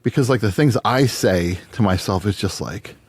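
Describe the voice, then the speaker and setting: A man's voice: on the low side, normal speed, slightly rough. A man in casual podcast conversation, telling stories and acting out other people's voices. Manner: animated, acts out voices in stories. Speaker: podcast guest.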